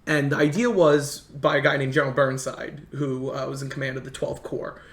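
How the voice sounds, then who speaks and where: A man in casual conversation telling history stories in a halting way, full of restarts. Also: mid-range voice, fairly even intonation, fairly bright tone. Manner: rambling, halting history storyteller with many restarts. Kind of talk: casual storytelling chat. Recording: echoey room.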